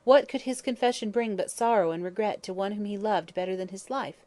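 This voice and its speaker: A woman narrating a classic mystery novel in measured, expressive storytelling. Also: mid-range voice. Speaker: audiobook narrator. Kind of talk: scripted narration.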